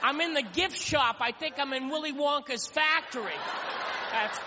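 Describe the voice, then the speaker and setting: High-voiced male stand-up comic, live club. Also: moderate pace, background noise. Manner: rambling, self-mocking storytelling. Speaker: stand-up comedian. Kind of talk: stand-up comedy routine. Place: comedy stage before a live audience. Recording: lo-fi live club recording with hall echo and crowd.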